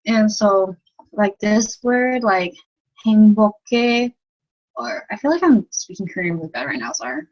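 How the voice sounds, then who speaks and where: A woman's voice: mid-range voice, animated, moderate pace, a little mellow, highs cut off. A young woman teaching a casual livestream lesson from her bedroom at night, rambling, giggly and self-deprecating, with lots of "like.". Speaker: language tutor.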